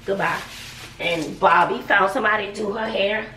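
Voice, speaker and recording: A woman's voice: mid-range voice, moderate pace, recorded from a distance, heavy background noise. A woman in her forties, a schoolteacher, chatting casually to viewers while cooking in her home kitchen, sassy and talkative. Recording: echoey room, voice off-mic.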